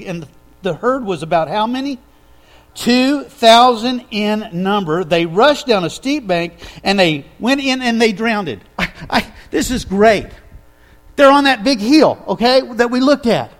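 A male preacher delivering a sermon, telling the story with lively energy and asking his listeners questions. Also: sits high, moderate pace. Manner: animated storytelling, asks the audience questions.

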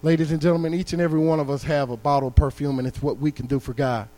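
A man's voice: a little high, fairly even intonation, racing, dark tone. A man preaching a sermon in a church, building to emphatic calls to the congregation. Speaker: guest preacher. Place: church sanctuary.

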